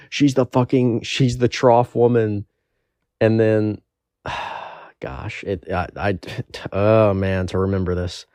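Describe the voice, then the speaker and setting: A man's voice: lowish voice, a little mellow, no room sound. A young man telling a rambling, profane story in a casual storytime monologue.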